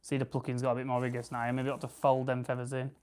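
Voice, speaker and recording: Plucking grouse on a livestream, this young South Yorkshire host rambles chattily and responds to comments he reads aloud from viewers. He speaks very fast in a monotone, his mid-range voice darkish, with a little hiss or hum in the background.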